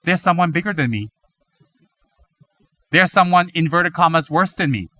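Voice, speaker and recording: A man giving a Buddhist teaching, animated and full of rhetorical questions, now and then mimicking other people's voices. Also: fairly high pitch, moderate pace, no room sound. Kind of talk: dharma talk.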